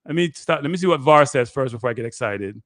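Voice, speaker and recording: A man, a guest analyst giving excitable live play-by-play commentary on a match he is watching. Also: mid-range voice, fast talker, no echo, clean studio sound. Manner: excitable, play-by-play that bursts into shouting.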